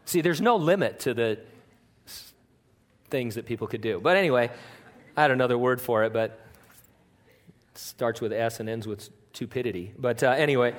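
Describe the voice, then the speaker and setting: A man's voice: moderate pace, pauses often. Man preaching a chatty, joking sermon. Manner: conversational and joking, with wide swings in pitch and loudness. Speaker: pastor. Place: church.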